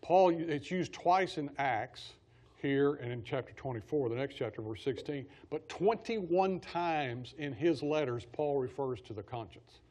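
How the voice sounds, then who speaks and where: A man's voice: mid-range voice, expressive, unhurried, darkish tone. A man teaching a Bible study class in a conversational way, repeating key phrases for emphasis.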